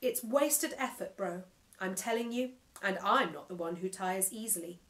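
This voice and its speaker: A woman's voice: medium pitch, moderate pace, fairly bright tone, close to an everyday voice. A woman voicing a smug male AI that talks through a big digital mouth, pompous and over-enunciated. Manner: pompous, self-satisfied, enunciating every syllable.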